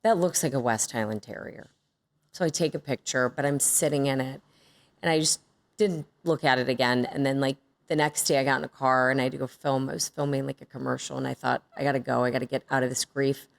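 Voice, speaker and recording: A woman's voice: very deep voice, fast, creaky. A woman hosting a podcast, chatting casually and expressively while trading stories with her guest. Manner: chatty, expressive, reacts readily. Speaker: podcast host. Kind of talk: casual chat.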